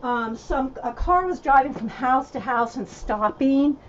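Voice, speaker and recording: Woman host, out of breath, chatty live-stream crafter, higher voice, dull lo-fi sound. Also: expressive, unhurried, slight background noise. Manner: chatty, addresses viewers by name, drawls "y'all". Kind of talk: casual live-stream chat with viewers. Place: at home.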